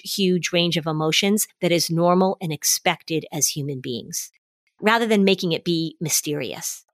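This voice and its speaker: A woman's voice: on the low side, dry recording, studio quality. A middle-aged woman, a parenting expert, explaining in casual podcast talk and acting out what parents say. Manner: warm explanatory, acts out parent quotes.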